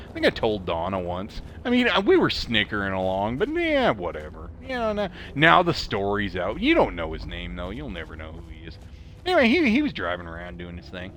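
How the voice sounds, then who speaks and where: A man's voice: on the low side, huge pitch swings, a little fast, a bit bright, slight background noise. A man with a Canadian accent and a southern drawl, rambling through a story while playing a game, laughing often and adding snarky asides. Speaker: let's play streamer.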